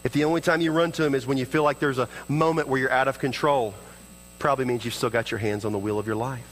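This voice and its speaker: A man's fairly bright voice rings through a large hall on a rough recording. He is a pastor preaching a sermon earnestly, acting out prayers and dialogue himself with shifting pitch.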